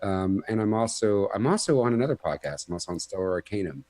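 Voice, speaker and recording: A fairly low-voiced man talks as a guest after a tabletop game session. He rambles cheerfully and restarts his sentences often. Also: expressive, quick pace, warm tone, no room sound. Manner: rambling, self-interrupting, upbeat. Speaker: guest player, podcast game master. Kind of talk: casual chat.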